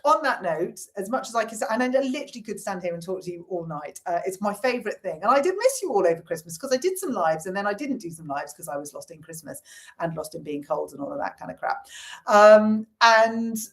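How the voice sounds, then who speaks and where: A woman's voice: medium pitch, expressive, brisk. A middle-aged woman chatting casually on a live stream, reading comments and swearing now and then. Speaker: livestream host.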